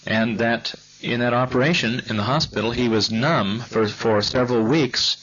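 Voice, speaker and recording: A man's voice: mid-range voice, normal speed, fairly bright tone, husky. A man giving a rambling, folksy lecture to students, telling cases as anecdotes with many ums and restarts. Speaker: lecturer on a healing method. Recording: dull lo-fi tape with faint hum.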